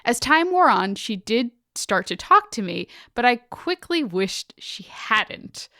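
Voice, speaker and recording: A woman's voice: on the high side, very animated, slow, sharp tone, no room sound, clean studio sound. A woman podcast co-host reading out a listener's spooky story in a casual, dramatic, swearing way.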